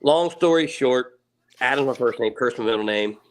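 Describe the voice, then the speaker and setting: An earnest man in his late thirties talks through a story as a podcast guest. He rambles a little, doubles back on his words and drops the odd curse without fuss. His voice sits at an ordinary pitch for a man. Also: normal speed. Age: 30s. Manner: earnest, repeats words, swears casually. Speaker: podcast guest, ATV racer. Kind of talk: casual storytelling.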